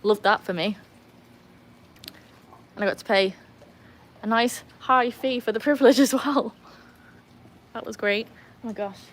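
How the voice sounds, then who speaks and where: A woman's voice: measured pace, long pauses. A British woman hosting a casual livestream by the pool, chatting, rambling and reading out viewer comments. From Britain. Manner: chatty, rambling, self-mocking, talks to her dogs in a high excited voice. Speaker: livestream host. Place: outdoors by a pool with dogs.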